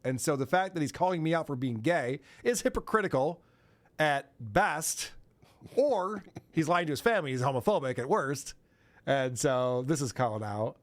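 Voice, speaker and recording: A man's voice: fairly high pitch, expressive, moderate pace. A man hosting a podcast, commenting on clips in casual chat, often mocking and laughing. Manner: mocking, laughing, mimics voices. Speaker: podcast host.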